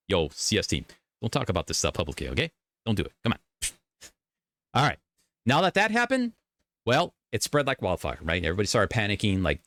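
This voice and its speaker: A man giving casual, animated commentary on gaming news, swearing and slipping into mocking voices. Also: low-pitched, no echo.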